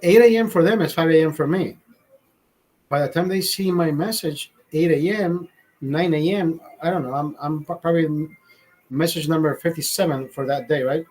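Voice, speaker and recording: Rambling, profane man with a higher voice. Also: moderate pace, low-quality recording. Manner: rambling, profane, animated storytelling. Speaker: livestream host. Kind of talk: casual late-night livestream chat.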